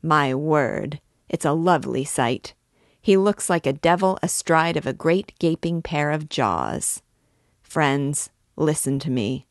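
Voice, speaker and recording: A woman's voice: low voice, animated, takes it slowly, dry recording, clean studio sound, full character voice. A woman voicing a brash, boastful young man in armor, speaking with swagger.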